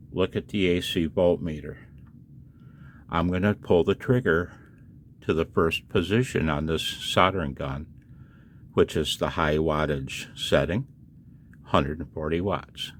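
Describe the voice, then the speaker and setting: A man's voice: sits low, measured pace, pauses often, a little hiss or hum. A tired man, up late at night, casually demonstrating a hobby device and chatting to the viewer with questions and chuckles.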